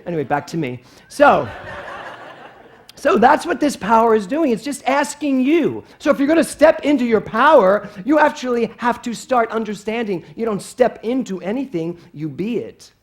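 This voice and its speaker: Lively, playful minister preaching. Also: male voice, very high-pitched, normal speed. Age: middle-aged. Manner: animated, playful, asks the congregation questions. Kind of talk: sermon. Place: spiritual center with congregation.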